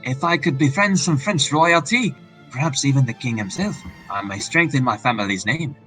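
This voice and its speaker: A man's voice: medium pitch, lively intonation, fairly bright tone, soft background music, close to an everyday voice, low-quality recording. A man voicing a flamboyant young male fox prince in a put-on Spanish accent, grandiose and theatrical. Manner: grandiose, theatrical, drawn-out words.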